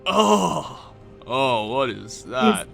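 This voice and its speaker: A man's voice: medium pitch, slow pace, soft background music, natural voice. A man voicing a flustered, clumsy male companion who yelps when startled. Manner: yelping, startled.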